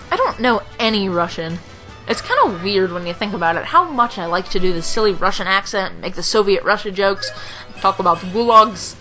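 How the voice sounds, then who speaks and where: A young woman in her late teens with a slightly rough throat, giving dry, rambling, self-mocking commentary over a video game at home. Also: medium pitch, pushed and bright, rough recording. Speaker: let's play commentator. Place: home room.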